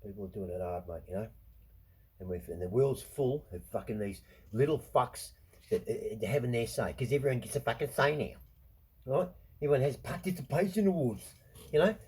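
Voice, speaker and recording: A man's voice: mid-range voice, a little mellow, breathy edge, poor audio. Foul-mouthed Australian man ranting. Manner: swears constantly, rants, quick to anger. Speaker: show host. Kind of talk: profane monologue.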